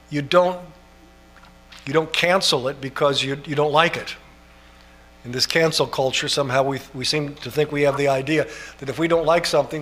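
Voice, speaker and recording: A pastor preaching a sermon in an earnest way, building up to emphatic, almost shouted passages. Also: male voice, a little high.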